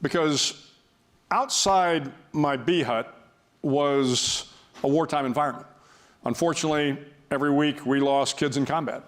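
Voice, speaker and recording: A man's voice: on the high side, a little slow. An older man speaking as a guest before an audience, telling a story in a wry, self-deprecating way with frequent restarts.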